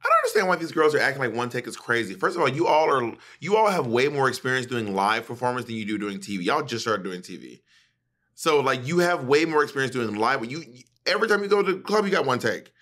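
Animated, profane gossiping male podcast host. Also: mid-range voice, fast. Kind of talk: casual chat.

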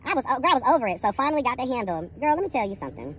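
A woman vlogger rants at a rapid clip, her high voice swinging wildly up and down. She is sassy, profane and dramatic, and she keeps calling the listener "girl". Faint vehicle noise sits in the background. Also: big pitch swings. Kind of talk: casual storytelling rant.

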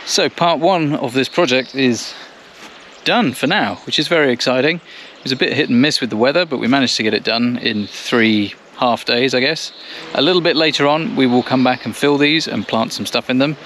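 A man explaining a garden build to camera in a relaxed way, with small hesitations. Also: medium pitch, moderate pace, a little hiss or hum. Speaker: co-host of a gardening channel. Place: outdoors in a garden.

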